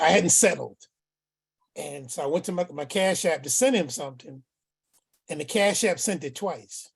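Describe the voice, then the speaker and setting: A man calling in to share a rambling, halting story on a casual church call. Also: a little high, vocal fry, slightly rough. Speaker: caller.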